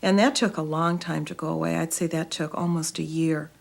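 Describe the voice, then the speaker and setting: A woman with a lowish voice speaks thoughtfully in a documentary interview. Her tone is gravelly, with a touch of fry. She looks back as a former smoker. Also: fairly even intonation, brisk.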